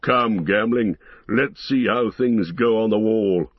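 A man putting on a fierce dwarf warrior who bellows his war cries, the voice pushed up high and loud. The sound is dull and lo-fi, with no room around it. It is a storybook figure, rough and eager for the fight. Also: slow pace, no room sound. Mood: gruff. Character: fierce battle-hungry male dwarf warrior.

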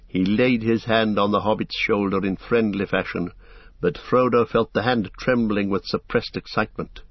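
A man reading an audiobook as narrator, in measured, even storytelling. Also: on the low side, no room sound. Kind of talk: scripted narration. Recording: slightly dull lo-fi recording.

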